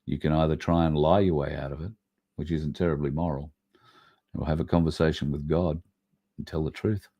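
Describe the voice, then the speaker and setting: A man's voice: extremely low pitch, fairly even intonation, fairly quick. A man hosting a livestream, ranting bluntly with swearing and reading out viewer comments. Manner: blunt, swearing, ranting with sudden loud bursts. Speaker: livestream host.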